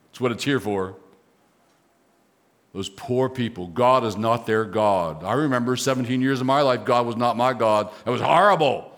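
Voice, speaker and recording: A man preaching a sermon, moving between quiet, conversational asides and raised, emphatic declarations. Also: mid-range voice, moderate pace. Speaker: pastor.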